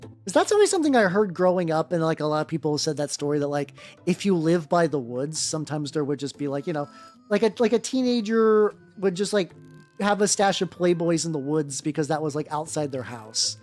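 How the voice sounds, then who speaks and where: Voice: mid-range voice, a little fast. A miniature-painting streamer chatting casually and rambling through tangents while painting. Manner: rambling and animated, full of fillers and tangents. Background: faint background music.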